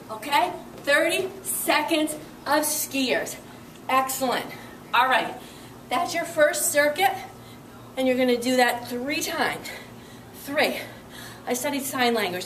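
A woman's voice: high voice, a bit bright, roomy sound, recorded from a distance, a little hiss or hum. A woman fitness instructor leading a workout, upbeat and encouraging, counting reps and out of breath as she exercises along. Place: indoor room with carpeted floor.

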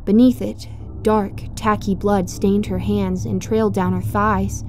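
Brief: woman narrator for a horror story, mid-pitched and warm, hushed and suspenseful. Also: level tone, a little slow, a little hiss or hum.

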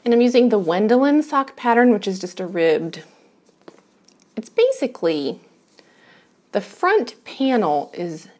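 A woman talks freely to the camera she is filming herself with at home. Her pitch rises and falls a lot as she rambles from one thing to the next. She pokes fun at herself and laughs often. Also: darkish tone. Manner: chatty, rambling, self-deprecating, laughs often. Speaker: knitting vlogger. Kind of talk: casual chat to camera.

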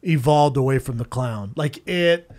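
A man's voice: medium pitch, a little slow. A man co-hosting a podcast, telling stories in casual, profane banter. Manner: profane, animated storyteller. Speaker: podcast co-host.

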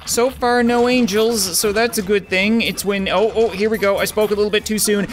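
A man talks his way through a mobile game run in loose, self-mocking commentary. His voice sits a bit high for a man, with faint game music humming underneath. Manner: joking, rambling, self-mocking. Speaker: let's play host. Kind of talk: casual gameplay commentary.

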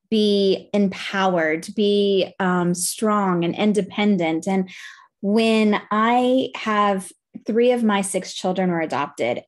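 A woman with a Southern American accent, a nonprofit founder answering interview questions in an earnest, explanatory way. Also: medium pitch. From Southern United States.

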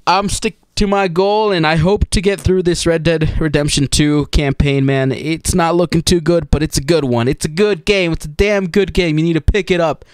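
An excitable man chats his way through a video game stream, joking and laughing with his viewers. His voice sits a little high, recorded dry and close. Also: moderate pace, hardly any pauses, clear, resonant tone, dry recording. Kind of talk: let's play commentary.

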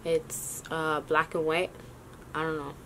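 Slangy woman rambling through her sneaker haul, lowish voice, faint room hiss. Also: little pitch movement, takes it slowly, sharp tone. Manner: chatty, rambling, slangy ("yo", "y'all"). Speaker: vlogger. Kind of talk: casual sneaker haul vlog.

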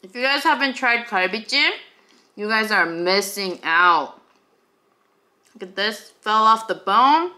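A woman's voice: a little high, lively intonation, unhurried, bright, forceful tone. A young woman hosting a casual eating vlog, bubbly and chatty as she eats and talks to her viewers. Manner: bubbly, greets viewers as honeybees. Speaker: mukbang host.

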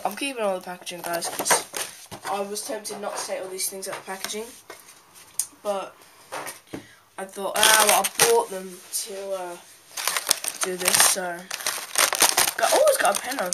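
A woman talking casually and rambling while she unboxes a toy and speaks to her viewers. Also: medium pitch. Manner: rambling, chatty, talks while handling things. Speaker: toy collector vlogger. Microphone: handheld camera's built-in mic. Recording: loud noise, crinkling packaging.

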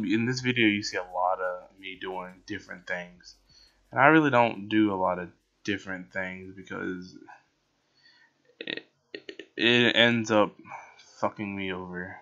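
A man casually commentating over his own gameplay footage, rambling, excitable and poking fun at himself. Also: fairly low pitch, vocal fry. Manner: rambling, excitable, self-mocking. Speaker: gaming channel host. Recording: dull lo-fi with background music.

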